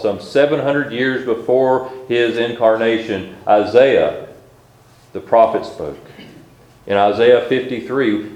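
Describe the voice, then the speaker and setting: A man preaching a sermon, reading scripture aloud slowly and measuredly between his own remarks. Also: fairly low pitch, darkish tone. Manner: reads scripture aloud in old-style wording, slow and measured. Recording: echoey room.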